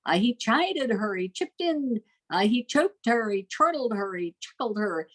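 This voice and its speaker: A middle-aged woman teaching a recorded literature lesson, reading rhymes and word lists aloud in a lively sing-song way. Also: fairly high pitch, a little slow, rough recording. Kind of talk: recorded homeschool literature lecture.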